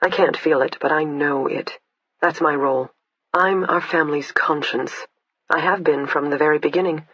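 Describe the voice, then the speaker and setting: A man reading the part of a composed woman who cannot feel pain, speaking in a measured, clinical way with a husky voice. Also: fairly high pitch, fairly even intonation, bright, forceful tone. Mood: quiet. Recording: dull lo-fi, dry.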